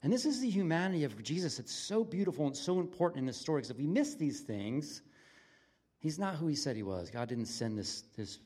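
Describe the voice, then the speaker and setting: A man's voice: on the high side, fairly quick, husky. Earnest man preaching conversationally. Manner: earnest, swings from loud excitement to near-whisper intimacy. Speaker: pastor. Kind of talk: conversational sermon.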